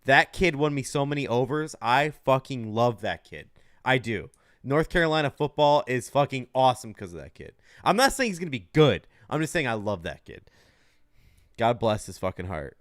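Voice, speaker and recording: A man's voice: medium pitch, sing-song, moderate pace, a bit bright, dry recording, studio quality. A man co-hosting a casual podcast, talking in a loose, emphatic way with a lot of swearing. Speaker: podcast co-host. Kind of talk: casual chat.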